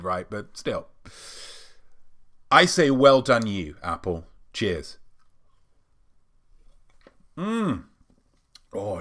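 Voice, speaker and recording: A man's voice: lowish voice, fairly bright tone. A British man hosting a weekly live show alone, delivering a sarcastic, mock-smug comedic monologue. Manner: sarcastic, mock-smug, playfully self-aggrandizing.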